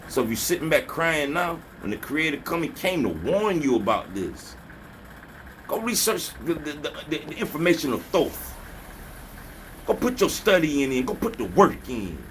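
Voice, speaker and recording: A man's voice: a little high, big pitch swings, normal speed, fairly bright tone, slight background noise. A man delivering a preachy motivational rant as a spiritual vlogger, scolding and taunting his listeners with repeated slogans. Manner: repeats slogans, mocking laughter.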